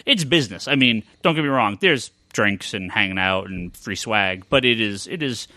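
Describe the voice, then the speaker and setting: A man hosting a casual podcast chat, talking shop as a comic book retailer and rambling with lots of filler pauses. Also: on the low side, animated, bright, forceful tone, dry recording.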